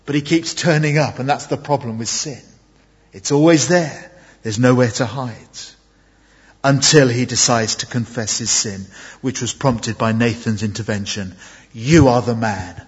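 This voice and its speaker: Casting note: male preacher with a husky voice, earnest and emphatic, recorded dull with a long church reverb. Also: medium pitch. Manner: earnest, emphatic, with uneven pauses and restarts. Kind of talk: evening church sermon.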